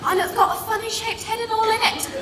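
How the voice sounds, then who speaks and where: In a noisy, echoey hall picked up by a distant mic, a woman with a very high, fairly even voice speaks quickly over a loud crowd. On a big stage she plays a cheeky, rude old London grandmother in a comedy sketch, gossiping tactlessly, nagging, repeating herself and hurling blunt insults.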